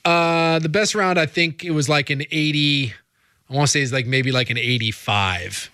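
An animated man co-hosting a casual talk show, telling stories and jumping up in pitch whenever he acts out what someone said. His voice is bright and forward and sits a little high. It is recorded close on a dry studio mic. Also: moderate pace, clean tone, no echo. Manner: animated storyteller, jumps pitch when acting out quotes. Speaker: co-host. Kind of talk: casual chat.

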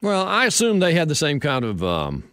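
A man's voice: a little high, moderate pace, dry recording. Guy hosting sports radio, bouncy storytelling, dry close sound. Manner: lively storytelling, chuckling.

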